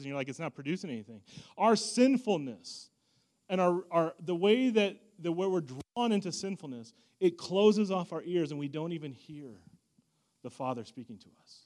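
A man preaching a sermon as a pastor, swinging from loud emphasis to hushed asides in a conversational, self-deprecating way. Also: fairly high pitch.

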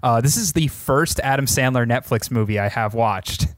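A young man co-hosting a podcast in a casual chat. He jokes around and tells stories in an even, mid-range voice. The sound is dry and close to the mic. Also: mid-range voice, normal speed, no echo. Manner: joking storyteller, acts out quotes. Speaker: podcast co-host.

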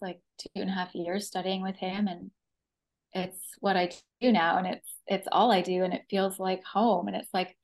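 A woman's voice: medium pitch, rough recording. A woman with a Canadian accent, a breathwork facilitator telling her personal story as a podcast guest, acting out her own past words.

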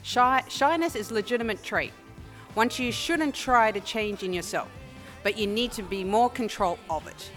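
Australian woman reading haltingly. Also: on the high side, fairly bright tone, soft background music. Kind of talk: casual group chat on a video call.

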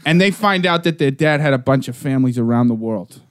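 A brash man swearing his way through a comedy debate, talking over the others as he pitches a story. His voice sits at an ordinary pitch and is recorded dry and close, with no room sound around it. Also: animated, a little fast, smooth, dry recording.

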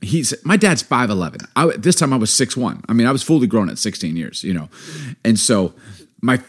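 A middle-aged man co-hosting a podcast, telling a story in casual chat, animated and emphatic, laughing often. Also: mid-range voice, brisk. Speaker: podcast co-host.

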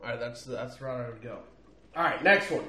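A man's voice: mid-range voice, a little fast, pushed and bright, a little hiss or hum. A man co-hosting a podcast, easygoing and chatty, laughing often as he leads the questions. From Ohio. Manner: easygoing, laughs a lot, uses bro and like. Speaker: podcast co-host. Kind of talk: casual chat. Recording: echoey room.

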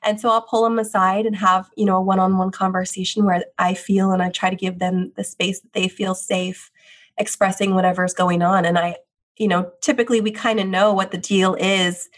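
This woman, a widowed mother and children's book author, talks openly and earnestly in a heartfelt interview. Her medium-pitched voice is flat and brisk, and she often says things like "the reality is."

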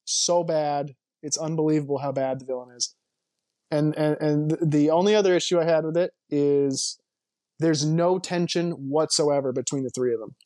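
Excitable opinionated man, higher voice. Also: normal speed, no room sound, clean studio sound. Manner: rambling, emphatic, full of restarts and opinions. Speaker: podcast co-host. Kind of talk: casual movie podcast chat.

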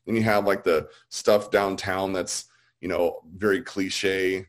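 A man's voice: low voice, flat delivery, slow. A man in his forties from Illinois, chatting casually and animatedly, with frequent restarts. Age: 40s. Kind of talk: casual chat.

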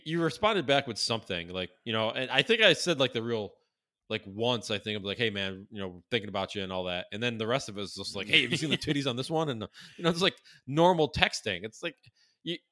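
Male co-host, casual profane storyteller, bright tone, lots of restarts. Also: medium pitch, very animated, fairly quick. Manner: rambling, profane, many fillers and restarts.

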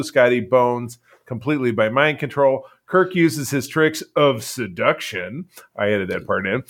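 Chatty joking male podcast host. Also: mid-range voice. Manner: chatty, joking, animated recapping. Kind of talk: casual chat.

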